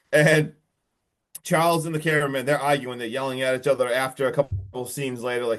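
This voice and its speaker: Young man, podcast co-host, rambling casual movie recap, filler-heavy, swears a bit, middling pitch. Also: fast talker. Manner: rambling, animated, lots of filler and mild swearing. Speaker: podcast co-host reviewing a film.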